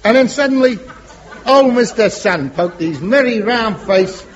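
A man's voice: very high-pitched, animated, measured pace. An actor playing a lovesick, bashful man who gushes in a mock-lyrical way in an old radio comedy. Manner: mock-lyrical, sentimental gushing. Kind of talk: 1950s radio comedy acting. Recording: dull old radio broadcast with audience.

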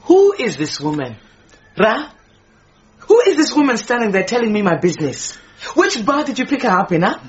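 This is a proud, possessive middle-aged housemaid in a radio play, played by a woman. She scolds and wails in a voice that leaps up and down in pitch. The recording sounds muffled and lo-fi. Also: expressive, measured pace, lightly acted. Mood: outraged. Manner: histrionic, scolding, wailing.

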